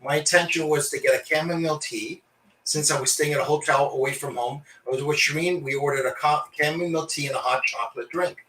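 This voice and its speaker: Canadian male host, higher voice, jokey storyteller, roomy mic from a distance. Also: steady tone, fast talker, fairly bright tone. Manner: jokey, mimics callers and accents. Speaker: comedy show host. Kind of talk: stand-up style storytelling with put-on voices. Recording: roomy sound from away from the mic.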